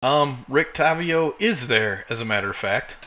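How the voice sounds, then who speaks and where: A man running a tabletop game as dungeon master, chatty and quick to laugh. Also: mid-range voice, animated, bright, forceful tone, highs cut off. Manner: laughs often, loose and chatty.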